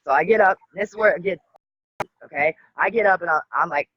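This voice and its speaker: A woman telling a rambling personal story as a talk show guest, halting often with fillers and restarts. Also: lowish voice, no room sound. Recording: dull, dry lo-fi audio.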